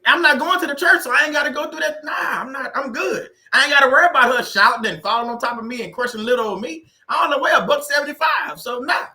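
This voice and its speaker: A man hosting a faith livestream, chatting casually and joking with viewers in an animated way, often breaking into laughter. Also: high voice. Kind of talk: casual humorous chat with viewers.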